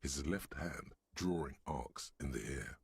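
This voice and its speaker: A man voicing a brooding disembodied narrator in a video game, speaking in a slow, measured, literary way. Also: no room sound, full character voice. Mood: solemn. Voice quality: very deep and gravelly. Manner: slow, measured descriptive delivery.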